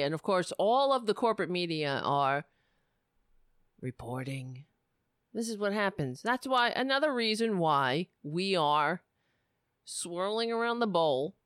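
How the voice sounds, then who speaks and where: Livestream commentary host, very slow delivery, bright tone, rambling, profane, mocking. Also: medium pitch, smooth, no echo, studio quality. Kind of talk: livestream commentary reacting to a clip.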